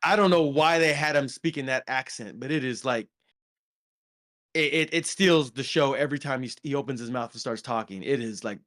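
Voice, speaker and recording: A man co-hosts a laid-back film chat on a podcast, his mid-range, fairly bright voice moving at a brisk clip. He rambles, often pausing on "um" and starting over.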